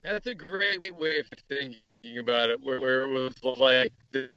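A man's voice: medium pitch, measured pace, pushed and bright, clean tone, no echo. Rambling man on a muffled mic. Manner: rambling, many restarts and fillers. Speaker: podcast co-host. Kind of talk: casual chat about movies.

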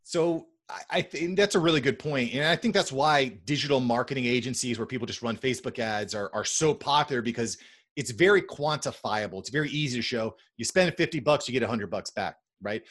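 A man's voice: medium pitch, brisk, fairly bright tone. A man as a podcast guest, speaking confidently in casual chat and repeating key points for emphasis.

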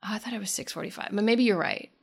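Young female podcast co-host, mid pitch, dry and teasing, leads the chat. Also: rapid-fire, creaky, slightly rough. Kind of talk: casual chat.

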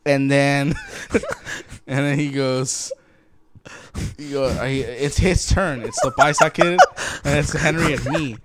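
A man's voice: mid-range voice, fairly even intonation, slow pace, long pauses, fairly bright tone. A young man from California co-hosting a casual podcast, telling a story full of swearing and laughter. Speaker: podcast co-host.

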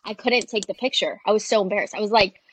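A woman's voice: medium pitch, fast. A young woman, a social media creator and interview guest, chatting animatedly and full of "like"s. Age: young adult. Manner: chatty and animated, many "like"s, quoting people. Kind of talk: casual storytelling in an interview.

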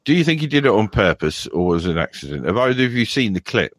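Deep-voiced man hosting a podcast. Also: big pitch swings, quick pace, dry recording. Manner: chuckling, rambling storyteller. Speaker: podcast host. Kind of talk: casual podcast chat.

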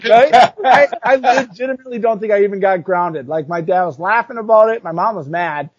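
A chatty man telling a funny childhood story, talking in a fairly high voice. His delivery is animated and loose, full of fillers. The recording sounds dull and lo-fi. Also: fast talker, few pauses, dry recording. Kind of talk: casual storytelling.

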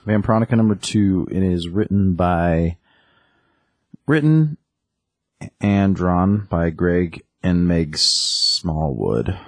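A man's voice: sits low, lively intonation, slow, dry recording, studio quality. A man co-hosting a podcast, casually retelling a comic's plot with lots of ums and likes. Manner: rambling plot recap with many ums and likes. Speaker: podcast co-host. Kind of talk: casual comic book chat.

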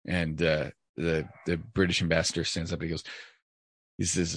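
A man's voice: low voice, normal speed, a bit bright, no room sound, clean studio sound. A married man hosting casual joke-telling banter, running the lineup and restarting his sentences as he goes.

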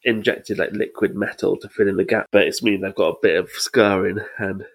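A man's voice: fairly low pitch, steady tone, a little fast, gravelly, husky. A man co-hosting a casual podcast chat, teasing and laughing often, sounding thick-tongued after face surgery. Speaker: podcast co-host.

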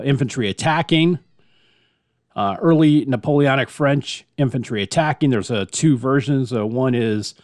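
A man's voice: medium pitch, dry recording, clean studio sound. A man hosting a hobby podcast, chatting through listener email in a rambling way with many fillers and restarts. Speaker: podcast host. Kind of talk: casual chat answering listener email.

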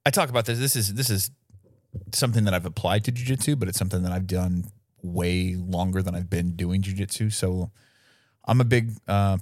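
Low-voiced man, dry joking co-host. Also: a little mellow, no room sound. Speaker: podcast co-host. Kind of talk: casual podcast chat.

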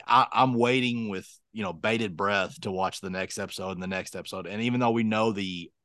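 A man's voice: fairly low pitch, fairly quick, a bit bright, no echo, clean studio sound. A man co-hosting a podcast, chatting casually and teasing his co-host with needling questions. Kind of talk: casual chat.

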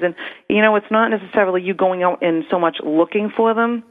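A woman's voice: lowish voice, fast. Female call-in guest, friendly and chatty, narrow phone-line sound. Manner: agreeable, chatty, lots of fillers. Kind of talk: casual chat over the phone. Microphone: telephone.

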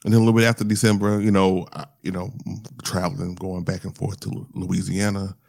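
A deep-voiced man speaks in a halting, emotional monologue, stumbling over his words and trying not to cry. His low voice has a gravelly, creaky edge. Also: flat delivery, a little mellow, dry recording, clean studio sound. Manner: halting, restarts often, fighting back tears. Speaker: storyteller sharing a personal loss.

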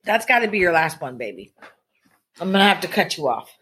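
A woman co-hosting a podcast, bantering casually and teasing her husband, with a breathy voice and frequent laughs. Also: fairly low pitch, big pitch swings, a little fast, bright, forceful tone. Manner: teasing, playful, laughs often. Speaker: podcast co-host.

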